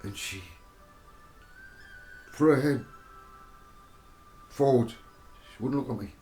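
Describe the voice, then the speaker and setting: A man telling a personal spiritual testimony, halting and repeating himself as he goes. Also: medium pitch, mellow. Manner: halting, repeats words and restarts often. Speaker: storyteller giving a spiritual testimony. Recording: roomy echo with faint music behind.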